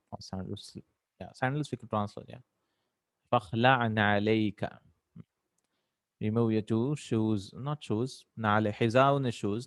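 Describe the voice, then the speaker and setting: A man's voice: lowish voice, no echo, clean studio sound. A man teaching an Arabic grammar lesson, explaining terms step by step and often checking with "right?".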